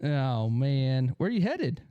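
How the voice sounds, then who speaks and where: A man from the American South hosting a live podcast in a dry studio, laughing often and steering the show between bits. His voice sits at an ordinary pitch. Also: very animated, clear, resonant tone, no room sound, lo-fi sound. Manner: joking, quick to laugh, runs the call-ins. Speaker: podcast host. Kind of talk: casual banter on a live podcast.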